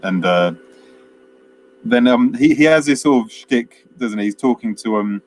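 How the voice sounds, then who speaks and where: A man's voice: medium pitch, expressive, measured pace, slight background noise, low-quality recording. A man co-hosting a film chat, casually retelling a plot in a rambling way with lots of fillers and chuckles. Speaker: film podcast co-host.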